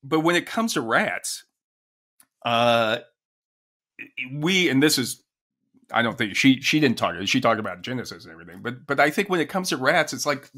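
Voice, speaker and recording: A man co-hosting a podcast in casual chat, talking in halting phrases full of restarts. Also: medium pitch, very animated, bright, forceful tone. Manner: halting, restarts phrases, reads poetry aloud. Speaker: podcast co-host.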